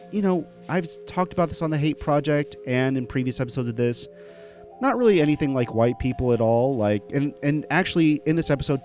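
A man's voice: mid-range voice, a little mellow. A man hosting a podcast, talking casually in a rambling way with many fillers and restarts. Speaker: podcast host. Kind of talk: casual solo podcast intro.

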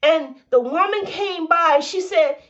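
A woman's voice: extremely high pitch, unhurried, a bit bright, muffled recording. A woman preaching a devotional message, exhorting listeners and repeating calls of encouragement, a little tearful. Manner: exhorting, repeats "come on now".

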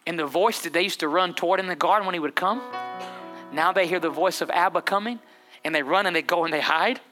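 A pastor with a high-pitched, bright, forceful voice talks fast through an impassioned church sermon, with music in the background. He repeats phrases that keep rising in intensity.

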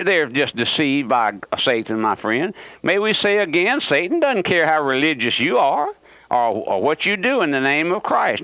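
A man's voice: high-pitched, a bit bright, no echo. Folksy man preaching over dull radio. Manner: folksy, emphatic preaching with many fillers and restarts. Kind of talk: radio sermon. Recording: dull, dry radio broadcast.

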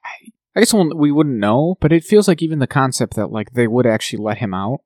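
Fast, animated man co-hosting a podcast. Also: medium pitch, no echo, studio quality. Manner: animated, laughs often, talks over partner. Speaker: podcast co-host. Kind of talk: casual chat.

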